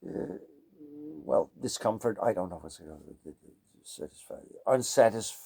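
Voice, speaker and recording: A man's voice: fairly low pitch, expressive, normal speed, gravelly, a little mellow, breathy edge. A Danish man with a Danish accent, a music teacher talking in a digressive monologue and often groping for words. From Denmark. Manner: digressive, gropes for words with many fillers. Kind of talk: rambling spoken monologue.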